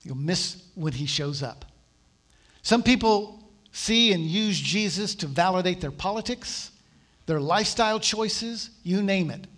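A man's voice: high-pitched, animated, a little slow, fairly bright tone. A man preaching a sermon in a conversational, storytelling way, acting out the voices of the people he quotes. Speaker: pastor.

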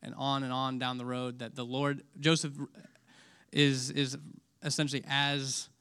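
A man preaching a sermon with emotion, dropping to a hush and rising again, often asking his listeners questions. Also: mid-range voice, level tone, measured pace, smooth. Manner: emotional, swings from loud to hushed; asks audience questions.

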